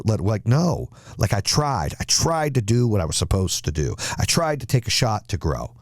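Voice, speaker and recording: A man's voice: lowish voice, sing-song, brisk, few pauses, darkish tone, dry recording, clean studio sound. A male podcast host giving a motivational speech with emphatic, repetitive exhortations.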